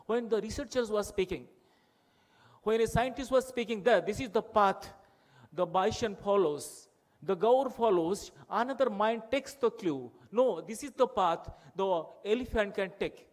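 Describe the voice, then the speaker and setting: A man's voice: sits high, measured pace. Impassioned Indian man at a conference. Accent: Indian English, Odia. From Odisha, India. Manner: rhetorical, repetitive, emphatic. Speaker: conference speaker. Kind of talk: impassioned public speech.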